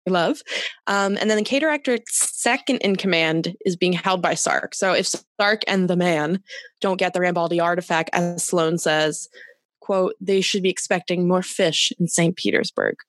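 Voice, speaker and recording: A woman's voice: fairly low pitch, moderate pace, no room sound, studio quality. A woman co-hosting a podcast, chatty and recapping a show, laughing often and correcting herself. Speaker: podcast co-host. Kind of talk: casual chat recapping episodes.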